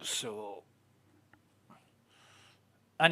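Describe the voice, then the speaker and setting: A man's voice: medium pitch, lively intonation, unhurried, a bit bright. A man with a Yorkshire accent chatting casually while streaming a game, telling rambling stories and swearing often. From Yorkshire, England. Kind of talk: casual chat while gaming.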